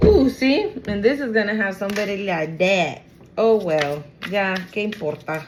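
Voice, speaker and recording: A woman giving a casual tarot reading to the camera, animated and profane, often exclaiming and acting out the people she describes. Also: medium pitch, normal speed, low-quality recording. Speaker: tarot reader.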